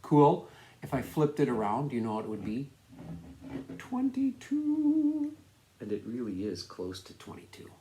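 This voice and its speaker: A man's voice: on the low side, a little fast, dark tone, slight background noise. A man teaching a science lesson in a casual, upbeat way, laughing often and checking that students follow along. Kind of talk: casual classroom video lesson. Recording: echoey room.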